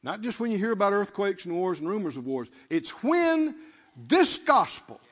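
Male preacher, high and fervent, muffled recording with long church echo. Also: big pitch swings, normal speed, breathy edge. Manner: calls out to the congregation, rising to shouts. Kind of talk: sermon.

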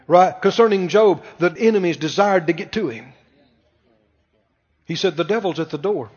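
A man preaching a sermon, animated and full of rhetorical questions to the congregation. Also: sits high, breathy edge. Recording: muffled sound with long hall reverb.

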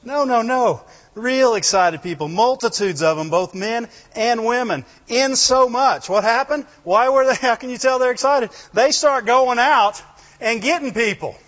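A man preaching a sermon, animated and full of rhetorical questions, breaking into "Glory to God" again and again. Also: very high-pitched, a little slow. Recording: dull lo-fi sound in a reverberant hall.

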